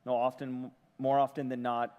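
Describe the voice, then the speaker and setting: A man preaching a sermon as pastor, retelling a story in a conversational, lively way. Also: medium pitch, normal speed, smooth, big-room sound, lo-fi sound.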